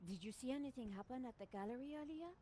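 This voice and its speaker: Game casting: a confident young journalist, brisk, higher voice with lively intonation. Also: female voice, slight background noise. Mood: probing. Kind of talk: video game voice acting.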